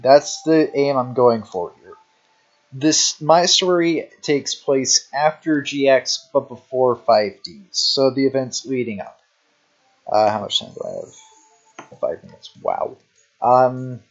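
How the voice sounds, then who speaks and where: A drowsy man talks through his picks in a slow, unhurried drawl, leaning constantly on "you know" and "um." His voice sits at an ordinary middle pitch. The recording sounds dull and low-fidelity, like a cheap home mic. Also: a little mellow. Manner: rambling, heavy on fillers like "you know"; unhurried, drawn-out delivery. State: sleepy, yawning. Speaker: deck showcase narrator. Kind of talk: casual rambling commentary.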